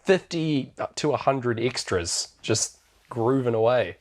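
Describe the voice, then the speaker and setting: A man's voice: mid-range voice, expressive, slow pace. Laid-back man recapping a film. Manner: laid-back, slangy, laughs often. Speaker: podcast co-host. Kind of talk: casual chat recapping a film.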